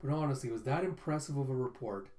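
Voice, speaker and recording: Man doing a smooth, courteous undercover spy dad, mid-pitched, echoey room. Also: fast, darkish tone, close to an everyday voice. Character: suave, polite spy posing as a father. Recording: roomy echo.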